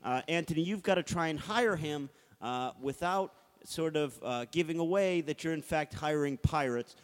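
A man's voice: fairly high pitch, normal speed. Man hosting a comedy podcast. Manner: bossy, sets up improv sketches. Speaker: podcast host. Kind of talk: casual comedy podcast chat. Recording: reverberant room.

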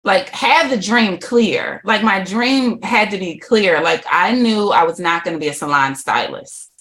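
A woman's voice: medium pitch, expressive, unhurried, a bit bright. A middle-aged woman, a podcast guest, telling her life story with animation, laughing often and acting out quoted voices.

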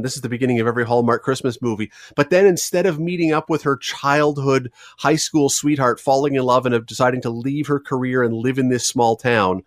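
A man hosts a radio talk show, chatting casually and stretching out his stories with a playful streak. His voice sits at an ordinary pitch. The sound is dry and close. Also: dry recording. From Canada. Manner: playful, drawn-out storytelling. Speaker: radio host.

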